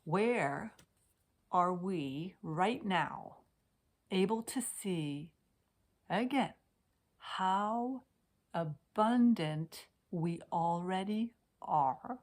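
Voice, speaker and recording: A woman's voice: fairly low pitch, animated, very slow. A woman coaching decluttering, speaking straight to camera on a computer, dropping to near-whispers and rising to emphatic declarations. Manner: intimate, swings from soft whispers to emphatic declarations. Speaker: Swedish death cleaning coach. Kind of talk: heartfelt direct-to-camera talk. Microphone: webcam on a computer.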